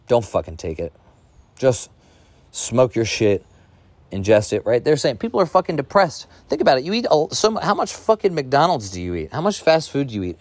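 A man in his thirties rants into the mic on his podcast, swearing freely as he pushes listeners to get up and act. His voice sits at an ordinary middle pitch. The sound is dry and close, with no room behind it. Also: a little mellow, no echo. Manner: profane, blunt, fired-up preaching. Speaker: podcast host. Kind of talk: casual motivational rant.

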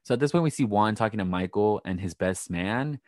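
Low-voiced man recapping casually. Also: brisk, dry recording, studio quality. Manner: animated, acts out quotes in voices. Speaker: podcast co-host recapping a reality show. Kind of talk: casual chat.

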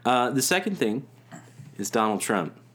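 A man co-hosting a casual talk show, chiming in quickly and agreeably. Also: mid-range voice, big pitch swings, fairly bright tone. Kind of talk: casual chat.

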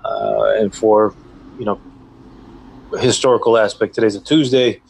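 A man's voice: lowish voice, fairly even intonation, measured pace, vocal fry, a little mellow, slightly rough, low-quality recording. A man hosting a casual podcast, bantering easily and chuckling as he talks. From Chicago area, USA. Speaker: podcast host. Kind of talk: casual chat.

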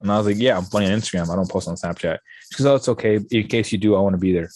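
Fast-talking young man telling a wild story. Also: on the low side, dry recording. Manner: animated, swearing, acts out quoted dialogue. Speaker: podcast guest. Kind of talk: casual storytelling.

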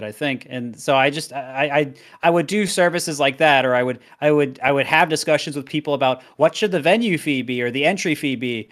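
A young man speaking in an interview, candid and self-deprecating as he reflects on his past. He talks at an easy length, owning his limits plainly. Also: a little high. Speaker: guest, competitive player and streamer.

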